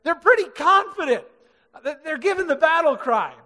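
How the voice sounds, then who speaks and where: Animated high-voiced male pastor preaching. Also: normal speed, big-room sound. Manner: animated, acts out quoted voices, swings from loud to hushed. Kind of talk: sermon. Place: large church hall.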